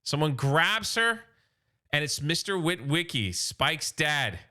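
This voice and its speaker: A man who recaps comic book stories casually, an excited, chatty storyteller who paraphrases the characters as he goes. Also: fairly high pitch, takes it slowly.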